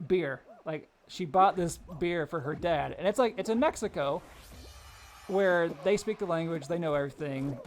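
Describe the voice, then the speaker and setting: A man's voice: fairly high pitch, moderate pace, a little hiss or hum. A young man streaming a game live, chatting casually with viewers, telling stories and laughing often. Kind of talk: casual live-stream chat while gaming.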